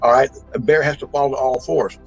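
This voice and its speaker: A man's voice: medium pitch, fairly even intonation, a little fast, creaky, breathy edge, muffled recording, soft background music. A man, telling a true encounter in a folksy, rambling way full of restarts and emphatic bursts. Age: 60s. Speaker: eyewitness storyteller. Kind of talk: casual spoken storytelling.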